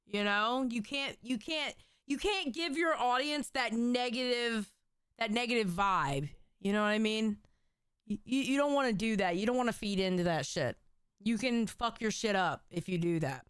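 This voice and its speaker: Woman streamer, slightly high voice, loose profane chat commentary. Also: expressive, normal speed, smooth, dry recording, clean studio sound. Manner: loose, profane, repeats herself. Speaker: streamer reacting. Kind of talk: casual live-stream commentary.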